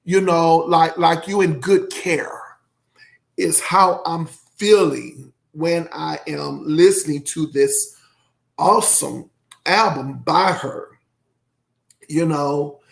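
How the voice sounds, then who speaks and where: Gravelly, slow-talking emotional male reviewer. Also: fairly high pitch. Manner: effusive, emotional, rambling with many fillers. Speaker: music reviewer. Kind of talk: casual album commentary.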